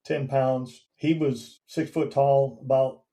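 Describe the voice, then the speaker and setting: A man's voice: medium pitch, flat delivery, takes it slowly, mellow, a little hiss or hum, low-quality recording. A man in his fifties, a veteran and former police officer, telling his story as a podcast guest in a plain, conversational way. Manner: recounts events plainly, acting out quoted dialogue.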